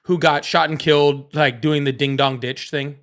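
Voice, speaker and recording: Man, live call-in host, casual, teasing, fairly high voice. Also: fairly even intonation, normal speed, fairly bright tone. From Southern US. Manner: laughing, repeats words, teasing. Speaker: livestream host.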